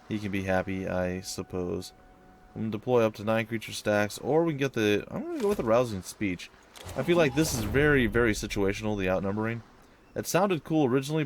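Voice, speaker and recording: A young man giving casual, wry commentary over a strategy game as he plays. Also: lowish voice. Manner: wry, sarcastic, puts on silly voices for enemies. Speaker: let's play host.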